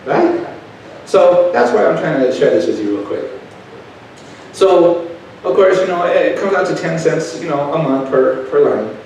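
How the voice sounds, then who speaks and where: In an echoey hall, recorded from a distance, a middle-aged man delivers a sermon of personal stories, chatting folksily and questioning the crowd. His voice sits on the high side, a little mellow and animated, at a measured pace, with slight background noise.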